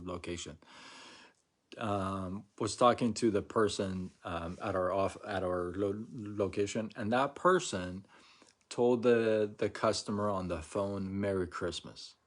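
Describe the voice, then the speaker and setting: Chatting casually with viewers on a live stream, a middle-aged vlogger repeats himself, keeps checking in with "right?", and acts out mock quotes. He has a low voice, a steady tone, and a measured pace.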